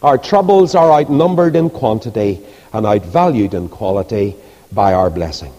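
A man preaching a sermon with passion, rising to high, loud peaks and dropping soft again. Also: expressive, moderate pace, highs cut off. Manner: impassioned, rises to loud high peaks, then drops soft. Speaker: preacher and Bible class leader. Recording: long hall reverb.

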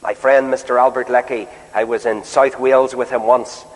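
A man's voice: mid-range voice, level tone, normal speed. A man preaching a sermon emphatically, often asking his listeners rhetorical questions. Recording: long hall reverb.

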